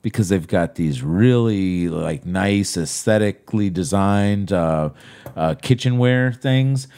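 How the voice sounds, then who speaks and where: A man's voice: sits low, slow, dark tone, smooth. A man co-hosting a talk show, bantering casually in a sarcastic, joking way and laughing often. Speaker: podcast co-host.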